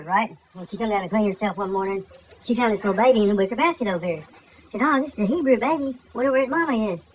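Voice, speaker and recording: A woman retells scripture as a crude, profane comic story, with slang and rambling asides. Her voice sits at an ordinary pitch for a woman, and a faint hiss of noise runs beneath it. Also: low-quality recording.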